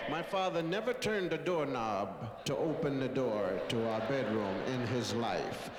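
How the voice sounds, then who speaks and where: A male comedian narrating a childhood story, animated and switching between voices. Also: medium pitch, measured pace, few pauses, reverberant, long reverb tail.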